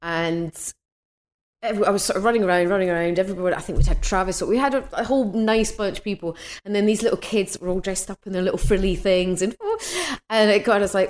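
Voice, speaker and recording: A woman, a podcast guest telling stories in lively casual chat and laughing often. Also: medium pitch, brisk. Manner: animated, laughs through stories.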